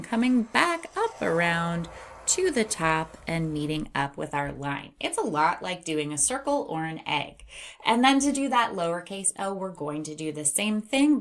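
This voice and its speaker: A woman teaching a children's phonics lesson, slowly stretching out and modeling each sound. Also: fairly low pitch. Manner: slow, exaggerated sound modeling.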